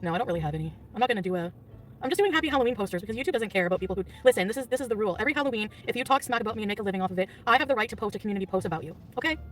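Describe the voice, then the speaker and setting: A woman's voice: mid-range voice, lively intonation, racing, far from the mic, slight background noise. A woman vlogger in casual, rambling chat with her viewers, often giggling, recorded on a phone.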